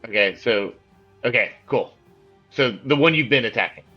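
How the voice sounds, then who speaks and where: A man's voice: mid-range voice, expressive, moderate pace, highs cut off, soft background music. A man narrating as game master of a tabletop game, with a loose descriptive style full of "like" fillers.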